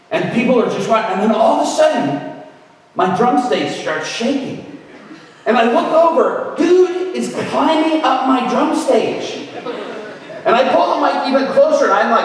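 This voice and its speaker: A man preaching, telling a story in an animated way and acting out the voices of the people in it, with shouted bursts. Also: extremely high pitch, moderate pace. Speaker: guest preacher. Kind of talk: storytelling sermon. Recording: roomy hall, far from mic.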